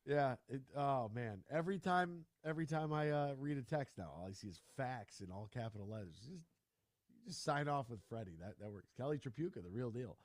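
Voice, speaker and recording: A man's voice: medium pitch, brisk, dry recording, clean studio sound. A man hosting a sports radio talk show, chatting casually and ranting with lots of restarts. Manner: animated, ranting, full of restarts.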